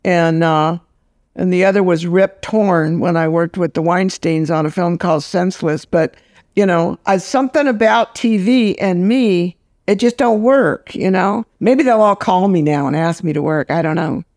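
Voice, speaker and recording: A woman's voice: lowish voice, normal speed, a little mellow, dry recording, studio quality. An older woman film director, a guest in a casual interview, telling stories bluntly and with salty language. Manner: blunt, salty, storytelling with laughs.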